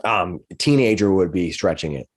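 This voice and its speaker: A man narrating as game master of a tabletop game, halting and repeating words as he goes. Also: sits low, expressive.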